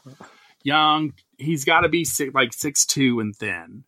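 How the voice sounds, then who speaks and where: A man's voice: medium pitch, unhurried. A man hosting a podcast, chatting casually and gushing as he acts out what people said. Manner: gushing, animated storyteller who acts out quoted remarks. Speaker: podcast host. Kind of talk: casual chat.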